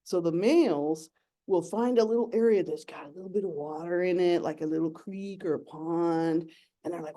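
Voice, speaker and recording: A woman's voice: lowish voice, normal speed, mellow. A young adult woman giving a playful, giggly nature talk as an educator.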